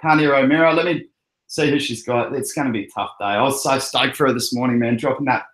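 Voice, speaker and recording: This crypto livestream host is a young Australian man, Australian-accented, who keeps things casual and chatty, laughing often while reading out viewer comments. He talks fast at medium pitch with a fairly bright tone, in an echoey room.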